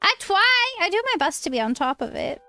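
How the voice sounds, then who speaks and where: A woman's voice: high voice, lively intonation, fast talker, a bit bright, no room sound, faint music behind. A woman streamer chatting casually while gaming, bubbly and talkative, answering chat, sounding tired.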